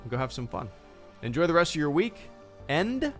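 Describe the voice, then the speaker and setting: A man's voice: medium pitch, fast talker, fairly bright tone, soft background music. Laid-back rambling male streamer. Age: adult, a father. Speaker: live stream host. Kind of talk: casual live stream chat.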